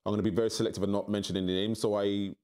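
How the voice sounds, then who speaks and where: A middle-aged man telling his story candidly in an interview, acting out quoted voices with big jumps in pitch. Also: level tone, racing, mellow. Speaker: interview guest.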